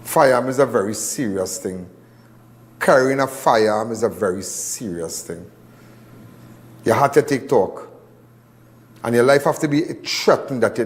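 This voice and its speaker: A man with a Trinidadian accent hosting a live crime show, talking in a loose, rambling, lecturing way. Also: medium pitch.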